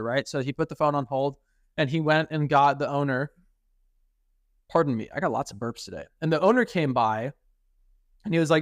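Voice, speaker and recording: A young man chatting on a podcast, his voice sitting a little high for a man. He tells stories with animated quoted voices. The sound is close and dry, with no room around it. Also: moderate pace, no echo. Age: young adult. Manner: animated storytelling, quotes others in acted voices. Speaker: podcast co-host. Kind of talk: casual chat.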